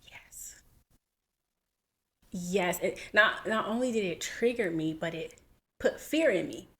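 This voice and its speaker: A woman's voice: mid-range voice, takes it slowly. Woman in her thirties telling a story. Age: 30s. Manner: animated, acts out quotes, laughs while telling. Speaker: podcast co-host. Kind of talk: casual storytelling.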